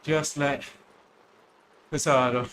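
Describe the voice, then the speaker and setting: Mid-race, an Essex man with a local accent chats casually and makes self-deprecating jokes for his cycling vlog. He speaks slowly in a medium, fairly bright voice with fairly even intonation, over slight background noise.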